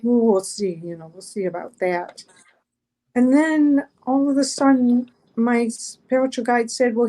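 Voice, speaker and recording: A woman's voice: a little high, warm tone, poor audio. A middle-aged woman, a guest on an online chat show, telling a story casually, rambling with many fillers and restarts.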